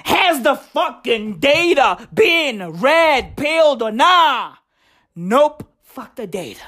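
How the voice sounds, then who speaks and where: A woman hosting a comedy podcast, ranting with nonstop swearing and shouted bursts. Her voice sits high and jumps around a lot, yet she takes her time between lines. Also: very animated, slow pace. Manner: profane, rowdy, loud and laughing. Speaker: podcast host.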